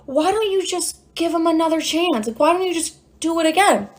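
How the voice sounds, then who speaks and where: A woman putting on a coaxing, high-voiced therapist. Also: expressive, a little fast. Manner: soft, coaxing, high sing-song. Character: gentle, coaxing female therapist.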